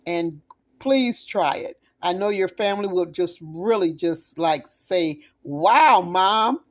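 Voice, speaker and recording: With a lowish, slightly mellow voice at a measured pace, a woman with a Southern US accent hosts her own cooking vlog. She's a home cook tasting food on a phone camera, talking while she eats and gushing excitedly to her viewers.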